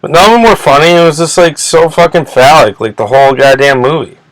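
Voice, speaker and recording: On his own channel, a man rants in an agitated, indignant commentary video, swearing often, rambling, repeating words and restarting sentences again and again. His voice is on the high side and a little fast, and the audio is poor.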